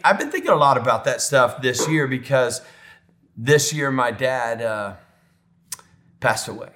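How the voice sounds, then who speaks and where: A male pastor tells a personal story from the pulpit at a medium pitch. He talks in a heartfelt, conversational way and often drops into soft, slow pauses. His tone stays warm and plain rather than showy. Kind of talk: sermon storytelling.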